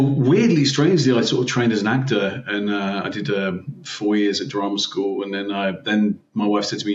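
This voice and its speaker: A man's voice: lowish voice, a little hiss or hum. A middle-aged man from Devon with a neutral English accent, a chatty, self-mocking podcast guest who laughs often. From Devon, England. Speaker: guest, teacher and founder. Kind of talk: casual interview chat. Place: room in Sydney. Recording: roomy, distant, dull call audio.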